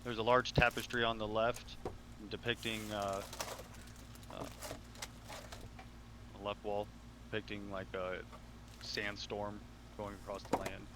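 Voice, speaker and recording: A man's voice: fairly low pitch, little pitch movement, a little slow, pauses often, background noise. A man narrating as game master of a tabletop game, talking loosely and conversationally with plenty of fillers. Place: home room, online stream.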